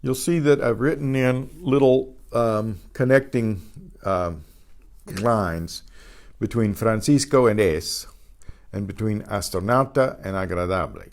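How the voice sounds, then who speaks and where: A man teaching a Spanish pronunciation class. He says each word slowly and repeats it, and he often clears his throat. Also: on the low side. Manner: models words slowly and repeats each one twice. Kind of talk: pronunciation lesson.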